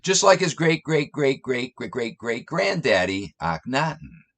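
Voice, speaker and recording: An online commentator reads scripture passages aloud and then jeers at them with sarcastic, scornful remarks, in a slow, drawn-out delivery. His medium-pitched voice is very animated and a bit bright.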